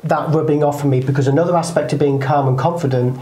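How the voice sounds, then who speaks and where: A man with a somewhat high voice tells an animated motivational story. He acts out the characters as he goes. His voice rings in a roomy echo. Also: fast. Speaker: co-host. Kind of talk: casual motivational chat.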